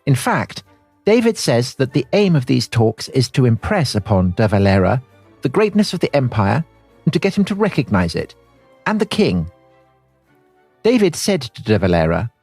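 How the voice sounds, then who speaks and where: A man's voice: mid-range voice, a little mellow, husky, no room sound, voice pushed up, full character voice. A man reading aloud as a prim woman secretary keeping a diary, in a lofty, sweeping way.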